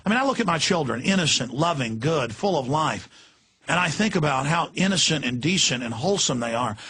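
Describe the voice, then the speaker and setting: A man hosting a talk radio show, ranting with impassioned intensity, swinging between yelling and hushed urgency. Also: on the high side, slightly rough.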